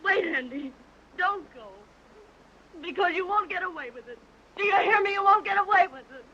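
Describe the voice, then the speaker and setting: A woman's voice: very high-pitched, animated, normal speed, pushed and bright, exaggerated voice. An actress in an early sound film playing a passionate young heiress, pleading and tearful, her voice breaking into frantic cries. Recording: dull early talkie sound with music.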